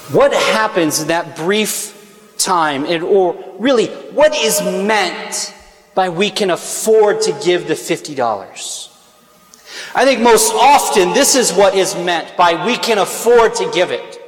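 A man's voice: sits high, expressive, measured pace. A man preaching a sermon in earnest tones, rising to emphatic peaks on his key points. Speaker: speaker on stewardship. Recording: echoey hall reverb.

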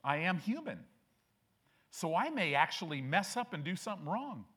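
A man's voice: sits high, very animated, normal speed, a bit bright. A middle-aged man preaching a sermon to his church as pastor, acting out people in the stories he tells.

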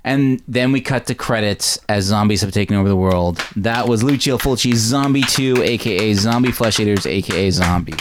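A man co-hosting a podcast, giving a rambling, animated recap of a horror film. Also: fairly low pitch, normal speed, hardly any pauses, noisy background. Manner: rambling, animated retelling with quoted voices. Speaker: podcast co-host. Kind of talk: casual movie recap.

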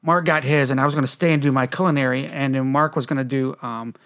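A podcast co-host from Detroit, Michigan, tells rambling, profane stories in casual chat, laughing along the way. His medium-pitched voice is gravelly and fairly bright, with a steady tone and a quick pace.

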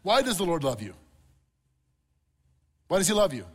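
A man's voice: sits high, big pitch swings, normal speed, slightly rough. A middle-aged man preaching a sermon as pastor, earnest and repeating key words for emphasis.

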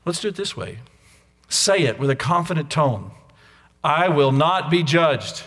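A man's voice: on the high side, expressive, measured pace, breathy edge. Man preaching a sermon in a reverberant hall. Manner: swings from loud emphatic to hushed near-whisper. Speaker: pastor. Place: church sanctuary.

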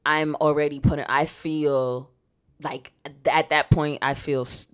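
A woman's voice: sits low, little pitch movement, unhurried, clean tone. A woman co-hosting a podcast in casual, frank chat, often saying "you know" and laughing easily. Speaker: podcast co-host.

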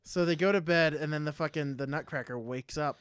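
A man's voice: fairly high pitch, fairly quick, smooth, dry recording, studio quality. A man co-hosting a podcast, rambling through a movie plot with lots of swearing. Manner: rambling, profane, recaps the plot. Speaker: podcast co-host. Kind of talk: casual movie-riffing chat.

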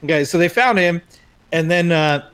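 A man's voice: on the high side, normal speed, a bit bright, smooth. A man co-hosting a casual sports chat, joking, swearing and slipping into mock voices. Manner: profane, joking, puts on mock voices in quotes.

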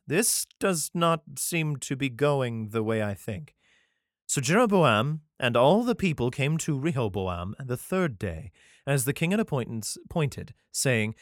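A man's voice: mid-range voice, a bit bright, no echo, clean studio sound. Irreverent man reading scripture aloud. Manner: irreverent, profane interjections between archaic verses; stumbles and restarts while reading. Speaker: reader and commentator. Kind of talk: comedic scripture reading with asides.

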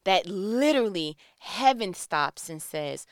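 Lower-voiced woman preaching emphatically. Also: expressive, a little slow, dry recording, clean studio sound. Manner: emphatic, rhetorical questions, colloquial asides; swings between loud calls and hushed tones. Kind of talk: sermon.

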